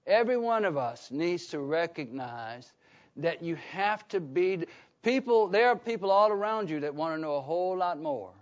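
High-pitched guy preaching, keeps asking the church "what?", kinda muffled lo-fi sound. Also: lively intonation, normal speed. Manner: call-and-response questions to the congregation; conversational, with frequent restarts. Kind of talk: sermon. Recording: dull lo-fi recording.

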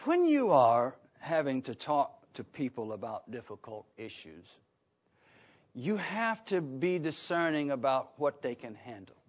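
A man's voice: medium pitch, sing-song, unhurried. A man preaching a sermon in a conversational way, often asking his congregation questions and starting sentences over. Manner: call-and-response questions to the congregation; conversational, with frequent restarts. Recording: dull lo-fi recording.

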